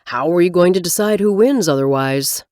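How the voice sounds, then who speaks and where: A woman narrator voicing a cocky, sarcastic young doctor in her own lower register. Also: expressive, normal speed, a little mellow, no room sound, natural voice. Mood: teasing. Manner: dry, teasing delivery.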